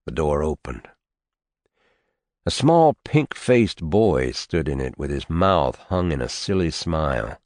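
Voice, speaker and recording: A man narrates an audiobook in a steady, measured way. His voice sits very low, and the recording is dry and close with no room sound. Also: no room sound. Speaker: audiobook reader. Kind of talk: scripted narration.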